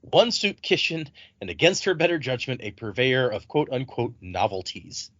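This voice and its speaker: A man retelling a book's chapters for his podcast co-hosts, slipping into little voices for the quotes. His pitch moves around a lot. The recording is dry and a bit dull. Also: moderate pace, dry recording. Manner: animated retelling, reads quotes in put-on voices. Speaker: podcast co-host. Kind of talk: casual book discussion podcast.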